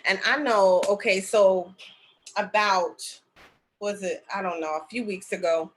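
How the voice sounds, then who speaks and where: Woman, middle-aged, bright tense voice, chatty monologue, lots of fillers and check-ins. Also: mid-range voice, fairly even intonation, a little slow. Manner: chatty, many fillers and asides like "okay?" and "right?". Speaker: spiritual medium and healer sharing a story. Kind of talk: casual storytelling monologue.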